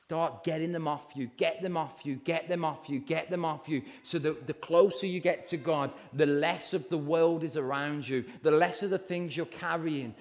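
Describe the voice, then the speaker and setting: A man delivers a passionate sermon in a high, lifted voice. The sound carries long reverb from the hall around him. He swings between urgent calls and near-shouts. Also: moderate pace, few pauses. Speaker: preacher.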